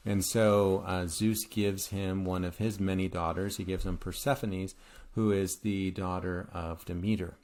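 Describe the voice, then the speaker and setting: A man teaching art history in a relaxed lecture, retelling a myth conversationally with many filler words. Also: low voice, normal speed. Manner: conversational, frequent "uh" fillers and restarts; retells myths casually with a light humorous touch. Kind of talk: informal recorded lecture.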